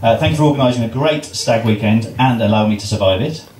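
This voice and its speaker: A man's voice: medium pitch, fast. An English man giving his wedding speech as the groom, joking and poking fun at himself. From England. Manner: joking, self-deprecating. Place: wedding reception venue. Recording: roomy, distant, loud crowd noise.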